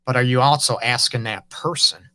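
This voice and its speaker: A man's voice: mid-range voice, moderate pace, pushed and bright. A man hosting an interview as a relationship counselor, talking earnestly and frankly in loose run-on phrases. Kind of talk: conversational interview.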